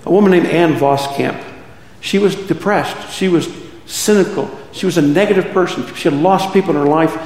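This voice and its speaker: A middle-aged man preaching in a church sanctuary, his slightly high voice carrying through a roomy hall with a long reverb tail. He talks to the congregation in a conversational way and keeps asking them questions. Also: normal speed, a little mellow. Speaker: pastor. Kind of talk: sermon.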